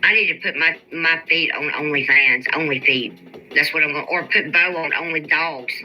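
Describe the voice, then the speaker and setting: This YouTube streamer's voice sits low and moves at normal speed, with a muffled recording and soft background music. She answers viewers' comments in casual chat, venting with an exasperated, profane drawl.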